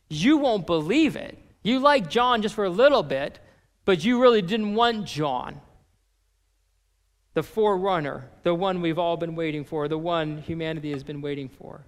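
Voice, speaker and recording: A man preaching a sermon as a pastor, reading and paraphrasing scripture with animated emphasis. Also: high voice, normal speed, big-room sound.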